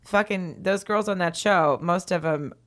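A woman's voice: on the low side, unhurried. A woman co-hosting a podcast, chatting casually in a rambling, candid way and laughing often. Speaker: podcast co-host. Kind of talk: casual banter.

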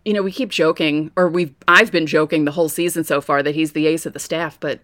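A woman co-hosting a casual sports podcast, telling stories with lively asides. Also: sits low, quick pace, no room sound, studio quality. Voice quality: voice prone to going hoarse. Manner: chatty storyteller, lively asides. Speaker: podcast co-host.

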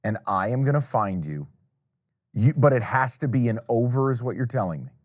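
A man's voice: mid-range voice, lively intonation. Opinionated man on a betting podcast. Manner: emphatic, opinionated, quick restarts. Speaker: sports betting podcast co-host. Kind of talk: casual sports betting chat.

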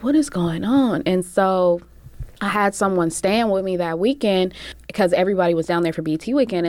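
A young woman with a lowish, dry voice tells a story in a casual, slangy way, acting out what people said. She sounds lively and close to the mic. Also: clear, resonant tone, dry recording. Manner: animated, slangy, acts out quotes. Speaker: recording artist guest.

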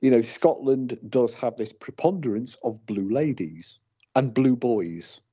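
Hesitant man with a mellow, husky voice. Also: mid-range voice, a little slow. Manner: hesitant, many fillers and restarts. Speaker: paranormal investigator, co-host. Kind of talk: casual radio talk. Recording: dull lo-fi radio audio.

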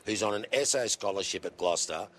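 An Australian man in his sixties, a guest telling lively stories with laughter in his voice. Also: lowish voice, fast. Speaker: guest, former fast bowler. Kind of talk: anecdotal storytelling.

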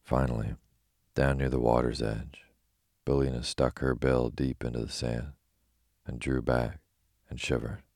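A man telling a bedtime story in a calm, slow, soothing manner. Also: rumbling low, vocal fry, no echo, studio quality. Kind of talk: sleepy bedtime story reading.

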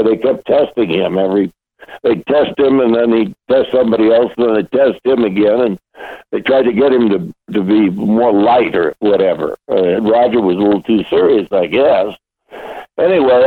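Man, older, low-pitched, casual storytelling, phone-line sound, dry. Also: dry recording. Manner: rambling anecdotes with restarts and chuckles. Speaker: guest actor.

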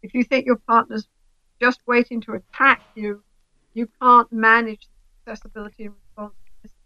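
Woman therapist, higher-pitched and bright; animated interview explainer who acts out the voices in her examples; dry, lo-fi recording. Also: normal speed, dry recording. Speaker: couples therapist.

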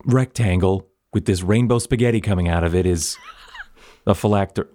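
Tabletop player, very low voice, laid-back and wry delivery. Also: a little fast, dark tone. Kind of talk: playing a tabletop game.

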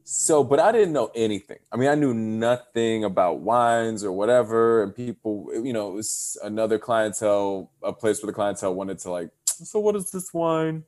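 A man's voice: fairly low pitch, normal speed, hardly any pauses. A man in his thirties on a video call, telling stories in casual chat and acting out the voices of people he quotes. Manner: animated storyteller, acts out quotes. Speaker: podcast guest.

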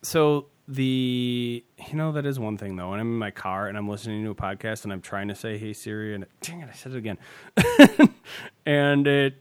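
A man's voice: mid-range voice, expressive, normal speed, clear, resonant tone. A man hosting a casual podcast, rambling and self-deprecating, laughing often as he talks. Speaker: podcast host. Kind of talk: casual tech podcast chat.

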